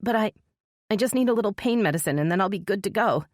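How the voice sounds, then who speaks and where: A woman's voice: mid-range voice, sing-song, moderate pace, dry recording, studio quality, pitched above the performer's own voice. A woman voicing a scared young woman in an audiobook, speaking in a shaky, tearful, guarded way.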